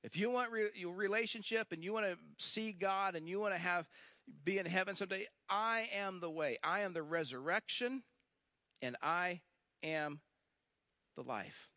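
Here the same kind of sermon comes from a man whose voice sits high and sounds sharp, with no audible room. Preaching as a pastor, he leans on emphatic repetition, slows to stress points, and performs the quoted lines of his story.

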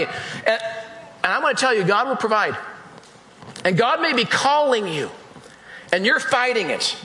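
High, bright-voiced male pastor preaching. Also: expressive, moderate pace. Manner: emphatic, repeats phrases, addresses the congregation directly. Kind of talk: sermon. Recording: echoey hall with long reverb.

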